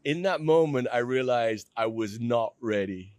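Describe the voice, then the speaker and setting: A man's voice: medium pitch, animated, a little slow, darkish tone, dry recording. A middle-aged man telling his own story in a podcast interview, candid and self-deprecating, often restarting his sentences.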